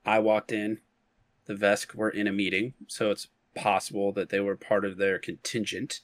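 A man's voice: fairly low pitch, level tone, moderate pace. A man playing in a tabletop game, talking casually with frequent hesitations and restarts. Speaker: player.

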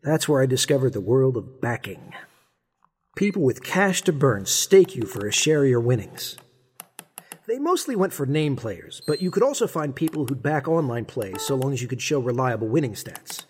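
A man's voice: medium pitch, very animated, moderate pace, a little mellow, breathy edge. A young man narrating his own story in an audio drama, wry and conversational. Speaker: narrator and lead character.

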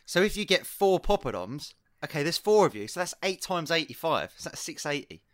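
A man's voice: a little high, fairly quick, no room sound, studio quality. A man telling a story in casual podcast chat, acting out the quotes with sudden exclamations. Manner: animated, acts out quotes with rising exclamations. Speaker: podcast co-host.

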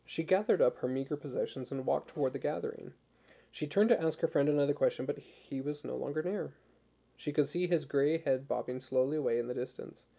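Male audiobook narrator, measured and even, gravelly low voice.

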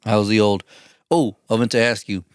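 A man's voice: fairly low pitch, steady tone, moderate pace, clear, resonant tone, no echo, studio quality. Profane laughing guy telling work stories. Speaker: podcast co-host. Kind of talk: casual chat.

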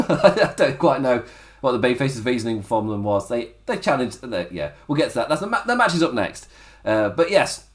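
A man talks through a wrestling episode in a loose, conversational recap. His pitch swings widely as he goes, and he keeps breaking into laughter at his own asides. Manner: chatty, often laughing at his own jokes. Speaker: wrestling show reviewer. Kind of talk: casual recap commentary.

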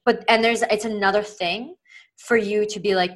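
A woman's voice: medium pitch, fairly even intonation, moderate pace, poor audio. A woman guest on a podcast talking casually and earnestly, full of fillers and acting out inner voices, over a video call. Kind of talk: casual interview chat.

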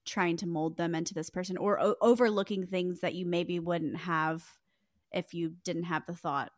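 A woman co-hosting a casual podcast, thinking aloud in halting phrases with fillers. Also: fairly low pitch, steady tone, no echo, clean studio sound.

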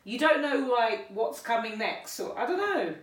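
A woman's voice: fairly high pitch, sing-song, normal speed, far from the mic. A young woman in her twenties trades jokes and laughs through a loose chat with friends. She sits back from the mic, and her voice rings around a roomy space. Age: 20s. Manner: laughing, joking, talks over others. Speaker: podcast co-host. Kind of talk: casual chat among friends.

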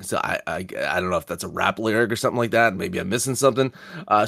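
A man's voice: on the low side, a little fast, gravelly, a bit bright, dry recording, clean studio sound. A man hosting a sports podcast in casual, profane chat, rambling and reading quotes aloud. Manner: rambling, swears often, reads quotes aloud. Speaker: podcast host.

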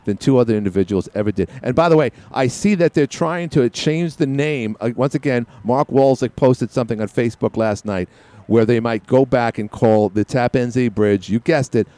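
A man's voice: medium pitch, normal speed, dark tone, dry recording. A man hosting a talk radio show from a studio on a headset, rambling and opinionated with many restarts.

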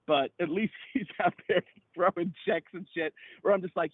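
A man in casual sports chat on a podcast, excitable and profane, rambling with lots of fillers. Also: high voice, moderate pace, no room sound. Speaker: podcast co-host. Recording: tinny phone-like line.

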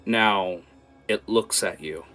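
A man's voice: lowish voice, slow pace, sharp tone, soft background music. A man running a tabletop game as game master, narrating scenes vividly with many fillers.

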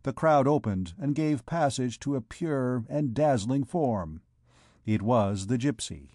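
A male audiobook narrator reading a classic novel in a slow, measured, formal way. His voice sits at an ordinary pitch. The recording is close and dry, with no room sound. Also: animated, darkish tone, dry recording.

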